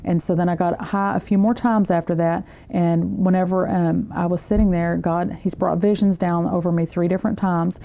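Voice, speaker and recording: A woman speaks as a talk-show guest, telling her faith testimony in an earnest, halting way with many restarts. Her voice is low and gravelly, with a dark, mellow tone. Her delivery stays fairly flat.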